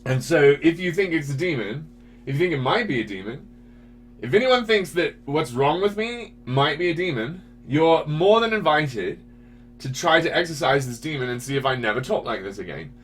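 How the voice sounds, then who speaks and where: Animated man chatting on a stream. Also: a little high, moderate pace, slight background noise. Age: adult parent. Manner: animated, self-interrupting, frequent restarts. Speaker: video host and commentator. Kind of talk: casual livestream commentary.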